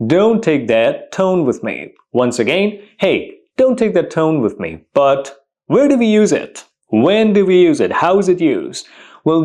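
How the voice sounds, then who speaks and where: A man's voice: medium pitch, darkish tone. A man teaching English idioms to camera, emphatic and repetitive, piling up synonyms.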